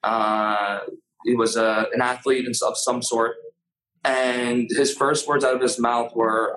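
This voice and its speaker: An earnest man telling a personal story as a podcast guest. He talks haltingly, stopping and restarting his sentences, in an ordinary mid-range voice. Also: mid-range voice, little pitch movement, a bit bright, low-quality recording. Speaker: podcast guest, cannabis brand owner.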